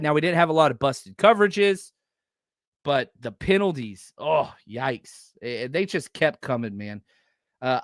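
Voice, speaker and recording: A man's voice: on the high side, dry recording, clean studio sound. A man hosting a live postgame sports fan podcast, talking bluntly and reading out viewer chat messages. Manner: animated, blunt, reads out viewer chats. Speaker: podcast host.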